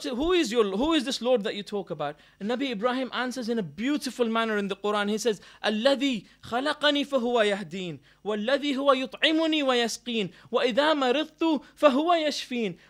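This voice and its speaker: A man giving a sermon, moving between loud declaiming and quiet storytelling and reciting Arabic verses. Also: very high voice, rapid-fire, few pauses. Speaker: preacher. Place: mosque gathering hall.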